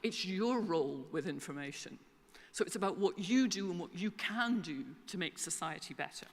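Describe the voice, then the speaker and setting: A woman's voice: on the low side, animated, normal speed. A Scottish woman in her sixties giving a conference keynote speech, chatty and full of humorous asides. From Scotland. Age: 60s. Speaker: keynote speaker. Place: concert hall conference centre. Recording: long reverb of a concert hall conference centre.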